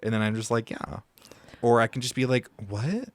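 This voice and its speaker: A man's voice: medium pitch, little pitch movement, fairly quick, smooth, dry recording. A young man talking as a podcast guest, telling stories in a playful, camp, teasing way and laughing often. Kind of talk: casual chat, storytelling.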